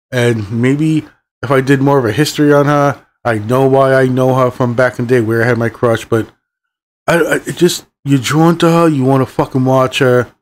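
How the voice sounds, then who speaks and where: A man's voice: mid-range voice, darkish tone. A middle-aged man hosting a movie review channel, ranting in a heated, rambling way and swearing often.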